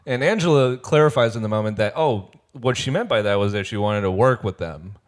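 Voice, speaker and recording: A man co-hosting a casual podcast, swearing freely and acting out quotes in high put-on voices. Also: brisk. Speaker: podcast co-host. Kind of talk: casual chat recapping a reality show.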